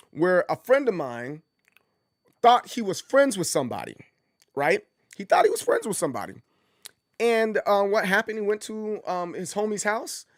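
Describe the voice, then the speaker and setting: A male streamer talking casually on his livestream, rambling through stories with lots of restarts and sudden jumps into squeaky mock voices. His voice sits a bit high for a man. The sound is dry and close, with no room around it. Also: no echo. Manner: frequent restarts and laughter.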